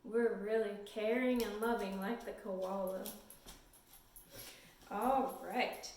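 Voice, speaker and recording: A woman leading a storytime lesson for toddlers in a gentle, sing-song, encouraging way, recorded in a library room. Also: mid-range voice, steady tone, takes it slowly, slight background noise. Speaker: children's librarian. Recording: echoey room, mic at a distance.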